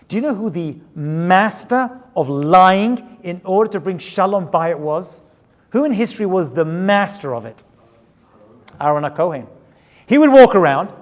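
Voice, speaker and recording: A man teaching as a rabbi in an animated, rhetorical storytelling style that keeps checking in with his listeners. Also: sits high. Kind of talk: sermon-style lecture with storytelling. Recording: long hall reverb.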